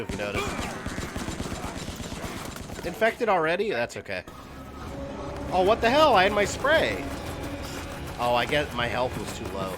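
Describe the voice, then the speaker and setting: A man streaming a video game, giving casual, rambling commentary full of fillers. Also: medium pitch. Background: game music.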